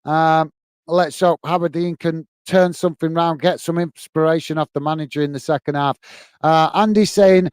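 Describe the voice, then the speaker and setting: A man's voice: a little high, fairly even intonation, moderate pace, clean tone, no room sound. A tired man hosting a football live stream, reading viewer comments and signing off friendly with lots of fillers. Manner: friendly, repetitive sign-offs, many fillers. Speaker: football channel host.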